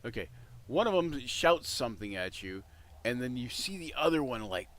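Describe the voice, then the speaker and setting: A man's voice: medium pitch, sing-song, normal speed, a bit bright. A man running a tabletop game as game master, rambling with many restarts and fillers.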